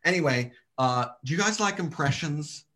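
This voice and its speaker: A man doing deadpan comedic storytelling. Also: a little high, moderate pace.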